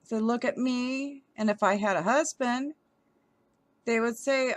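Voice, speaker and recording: A woman's voice: a little high, measured pace, no room sound. A woman vlogger giving heated commentary as she reads an article aloud, often stumbling over her words.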